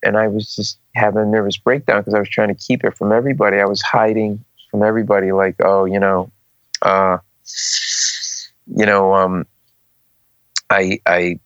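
A man's voice: fairly low pitch, moderate pace, pauses often, no echo. A middle-aged man from Rhode Island, a comedian telling stories in an interview and acting out the people in them. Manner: animated, acts out voices of people in his stories. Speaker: comedian guest. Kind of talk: casual storytelling interview. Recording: dull, slightly muffled podcast audio.

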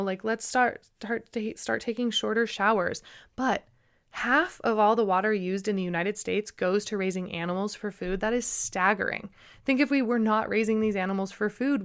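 A woman hosting a solo podcast, talking earnestly and emphatically, with frequent restarts and a slightly emotional edge. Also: medium pitch. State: a little emotional. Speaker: podcast host. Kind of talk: casual solo podcast monologue.

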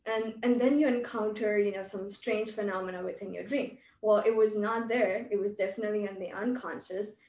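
Woman podcast host, mellow voice, thinks aloud, echoey room, mic set back. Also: mid-range voice, fairly even intonation, a little fast, hardly any pauses. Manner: reflective, filler-heavy, speculative. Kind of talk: casual conversation. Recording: roomy, distant mic with faint ambience.

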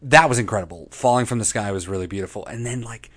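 A man's voice: fairly low pitch, quick pace. A man chatting casually and profanely as a podcast co-host, recapping a TV episode and acting out quotes in funny voices. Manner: animated, profane, acts out quotes.

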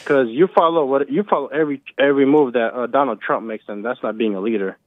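A man's voice: mid-range voice, fast, no room sound. A man calling in to argue heatedly with the host, insistent and repeating himself. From United States. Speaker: caller. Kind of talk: heated call-in argument. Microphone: phone. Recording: tinny phone line.

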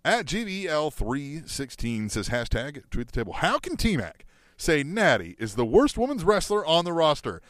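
Lively podcast guy reading out listener tweets. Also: fairly high pitch, moderate pace, no room sound, studio quality. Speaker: wrestling podcast co-host.

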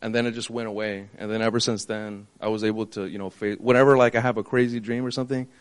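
A man sharing a personal spiritual experience in a halting, searching way. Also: lowish voice, steady tone, clear, resonant tone. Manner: halting, many fillers and restarts. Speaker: congregation member sharing testimony. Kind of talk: casual personal testimony.

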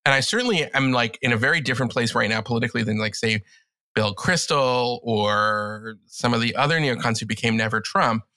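A man's voice: medium pitch, brisk, bright, forceful tone, dry recording. A man, a podcast guest and columnist, talking in a chatty, enthusiastic way with many fillers. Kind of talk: casual podcast conversation.

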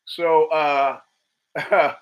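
A man's voice: a little high, little pitch movement, very slow, rough recording. Profane, rambling male podcast host. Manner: profane, rambling storytelling with frequent restarts. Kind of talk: casual monologue.

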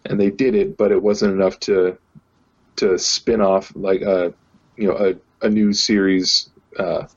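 A man's voice: sits low, level tone, unhurried, lo-fi sound. A man co-hosting a podcast, chatting casually and stumbling over words as he thinks. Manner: hesitant, repeats words while thinking. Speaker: podcast co-host. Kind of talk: casual chat.

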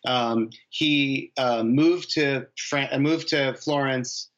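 A man's voice: mid-range voice, steady tone, slow pace, fairly bright tone, highs cut off. A man, a novelist from the United States, answering interview questions in a rambling way, with many restarts and fillers. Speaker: novelist guest.

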